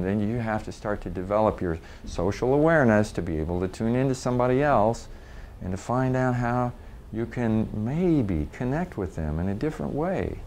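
A man who trains people in communication, giving an informal talk on handling difficult people. He is animated, restarts and repeats words often, and acts out short quoted exchanges as he goes. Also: medium pitch, slight background noise.

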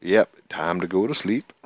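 A man's voice: rumbling low, creaky, a bit bright, no echo. A man giving casual commentary on his own gameplay, chatting to himself, counting aloud and talking to the animals on screen. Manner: talks to the in-game animals. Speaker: gameplay video host.

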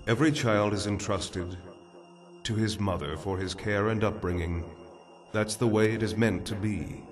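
An actor playing a calm religious counselor speaking in a solemn, measured way. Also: male voice, on the low side, soft background music, close to an everyday voice.

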